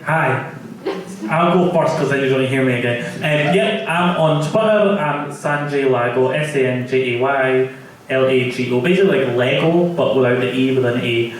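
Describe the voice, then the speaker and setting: A man's voice: medium pitch, moderate pace. A man from Glasgow with a Glaswegian accent, a poet on a panel talking casually and animatedly. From Glasgow, Scotland. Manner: chatty, animated storytelling. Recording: echoey hall from far off, noise.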